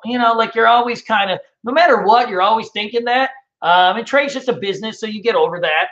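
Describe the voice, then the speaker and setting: A man's voice: high voice, quick pace, few pauses, fairly bright tone, lo-fi sound. A man hosting a casual trading webinar, answering viewer questions in a loose, rambling way with many fillers.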